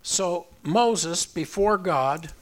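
Animated high-voiced male preacher. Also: very slow. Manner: animated, acts out voices of the people and God. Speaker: pastor. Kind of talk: sermon.

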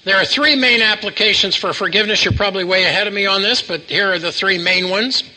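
A man's voice: sits high, fast talker, pushed and bright, low-quality recording. A man preaching a sermon to a live congregation, asking questions and having them repeat lines back to him.

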